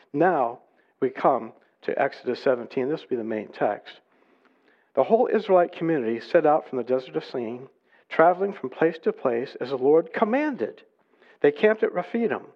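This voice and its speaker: A man preaching a sermon, reading scripture aloud and rising in pitch and volume to stress his points. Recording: dull lo-fi recording.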